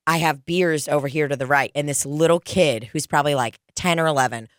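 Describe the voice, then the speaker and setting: A woman's voice: sits low, fairly quick, dry recording, clean studio sound. A young adult woman hosting a podcast, telling a rambling, profane story in casual chat. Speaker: podcast host.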